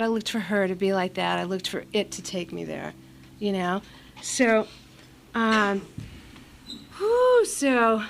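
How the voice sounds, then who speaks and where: A middle-aged woman from California giving a candid recovery share at a meeting, blunt, profane and self-mocking, with a lot of fillers. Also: mid-range voice.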